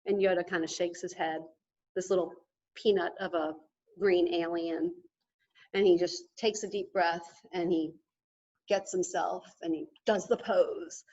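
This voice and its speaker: A woman giving an energetic motivational talk to a live audience, emphatic and often checking in with "okay?". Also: fairly low pitch, a little slow, dull audio. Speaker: motivational speaker at a sales event.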